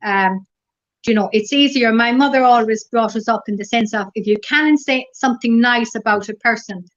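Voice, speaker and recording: A middle-aged woman with an Irish accent, a guest in a casual interview, telling stories gently and rambling through lots of fillers. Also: fairly high pitch, normal speed. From Ireland. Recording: dull lo-fi recording.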